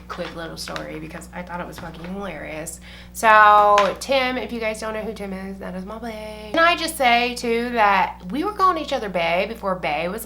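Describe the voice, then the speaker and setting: Bright-voiced young woman, chatty vlogger. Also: mid-range voice, slight background noise. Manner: chatty and profane, heavy use of "like". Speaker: beauty vlogger. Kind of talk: casual chat while doing makeup.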